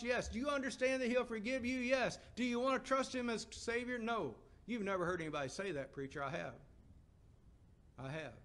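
A middle-aged man with a high voice preaches a sermon, firing emphatic questions at the congregation and dropping to a hush when he tells stories.

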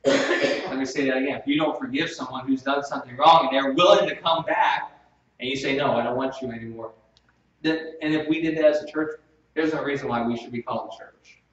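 A man preaches a sermon at an ordinary pitch, dropping soft and slow, then jumping into loud bursts. He is heard from a distance in a very reverberant church. The sound is dull, with faint room noise behind. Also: fairly even intonation. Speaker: pastor.

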